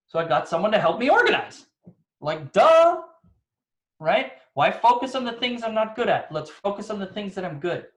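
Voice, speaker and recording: Brief: man with a high voice, lively motivational storyteller on a video call, echoey room. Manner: energetic, storytelling, rhetorical questions. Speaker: insurance agent guest speaker.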